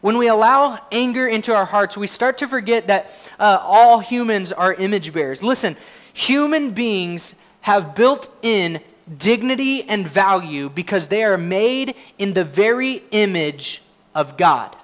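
Pastor, male, high-pitched, delivers an earnest conversational sermon, lots of fillers, laughs at himself. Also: lively intonation, measured pace, fairly bright tone. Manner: earnest, conversational preaching with frequent fillers and restarts; self-deprecating, laughs often.

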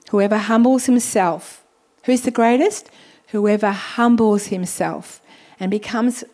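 A woman pastor preaching a sermon, reading scripture slowly and deliberately, with exclamations of praise between points. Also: mid-range voice, darkish tone.

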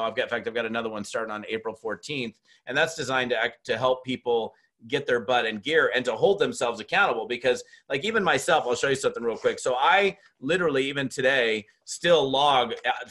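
A man's voice: mid-range voice, fairly bright tone. A man coaching on network marketing in casual chat, blunt and emphatic, acting out both sides of phone calls as he tells stories.

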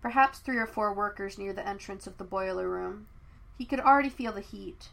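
A woman narrating fan fiction as an audiobook, telling the story in a steady, even way. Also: medium pitch.

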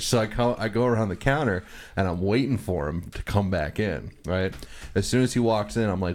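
A man's voice: lowish voice, animated, brisk. A man co-hosting a comedy podcast, telling a blunt and profane story in casual chat. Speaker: podcast co-host.

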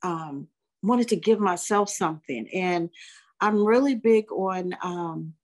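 A woman in her sixties, a guest in a casual interview, speaking reflectively with many restarts and pauses. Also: on the low side. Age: 60s.

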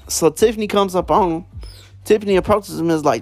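A man's voice: high voice, fast talker, darkish tone. Rambling man retelling prison stories. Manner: rambling, heavy fillers and slang, restarts. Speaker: storyteller. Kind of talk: casual story retelling.

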